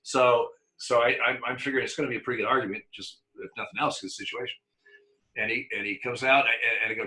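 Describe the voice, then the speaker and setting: An older man recounting his umpiring days in a casual interview. His voice is very bright and sharp, and he stumbles over repeated words and breaks into laughter. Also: medium pitch, animated, fast talker, poor audio. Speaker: former umpire.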